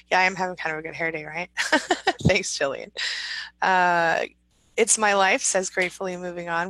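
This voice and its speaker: A woman's voice: on the low side, sharp tone, no echo, poor audio. A woman hosting a casual livestream, reading viewer comments aloud and answering them in a chatty, encouraging way. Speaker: livestream host reading chat.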